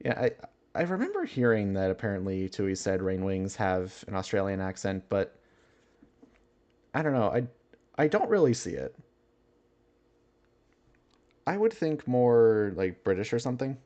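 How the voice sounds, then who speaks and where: Casting: man with a lowish voice, relaxed livestream chatter, thinks out loud, frequent chuckles. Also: normal speed. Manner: musing aloud, chuckling often. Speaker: livestreamer reading chat. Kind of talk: casual livestream chat.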